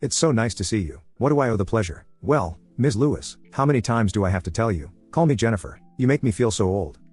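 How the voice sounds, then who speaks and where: A man's voice: lowish voice, animated, fast, darkish tone, husky, soft background music. A man voicing a friendly, chatty woman neighbor, a mother of two, who talks cheerfully and teases.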